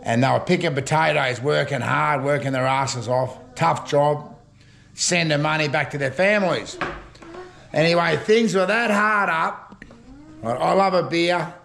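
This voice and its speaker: A man's voice: on the high side, measured pace, creaky, a bit bright. An older Australian man telling rambling, chuckling stories at home in casual slang. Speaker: storytelling vlogger. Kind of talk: casual yarn-spinning.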